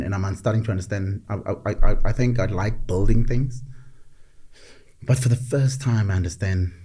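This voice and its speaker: A middle-aged man telling stories in a reflective conversation, measured and often repeating words as he gathers his thoughts. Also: fairly low pitch, warm tone, breathy edge. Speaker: podcast guest.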